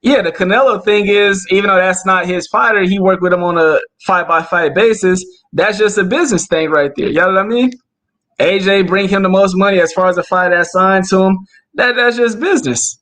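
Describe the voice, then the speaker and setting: A man's voice: sits high, a little fast, a bit bright. A man chatting casually about boxing as co-host, slangy and laid-back with lots of fillers.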